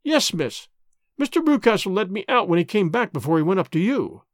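A man's voice: high-pitched, very animated, brisk, no room sound, clean studio sound. A man voicing a tall, gaunt female servant telling what she knows in a storybook reading. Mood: confiding. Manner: plain, confiding.

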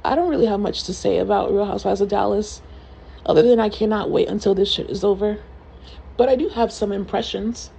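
A woman's voice: medium pitch, brisk, creaky, warm tone, slightly rough, rough recording. A woman podcast guest speaking casually and bluntly, introducing her impressions. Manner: blunt, dismissive. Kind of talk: casual commentary.

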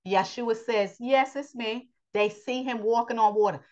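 A woman teaching a daily Bible lesson with lively, repetitive preaching, calling her listeners "child" and "honey". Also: on the high side, a little slow, hardly any pauses, lo-fi sound. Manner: Southern-style vernacular, repeats phrases.

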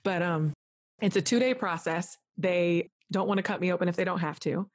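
A woman guest on a podcast telling an emotional personal story in a lively, rambling way, full of "like", acting out what others said. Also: on the low side, fairly quick, no room sound, studio quality. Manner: animated, full of "like", acts out quoted voices. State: tearful at moments.

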